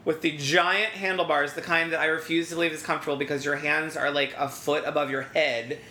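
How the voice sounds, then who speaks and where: Snarky podcast co-host, bright sharp tone, roomy echo. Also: mid-range voice, a little fast, a little hiss or hum. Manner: snarky, swears, deadpan jokes. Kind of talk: casual recap chat.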